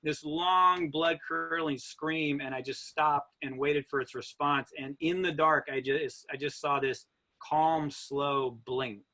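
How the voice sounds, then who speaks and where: A man in an interview telling a story in an animated way, acting out his own thoughts as he goes. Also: on the high side, slow pace. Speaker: guest runner.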